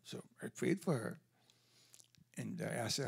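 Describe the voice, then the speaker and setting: Man, church testimony, gravelly voice, slightly high pitch, animated storytelling. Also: normal speed, long pauses. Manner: animated storytelling with quoted dialogue. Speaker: church member giving testimony.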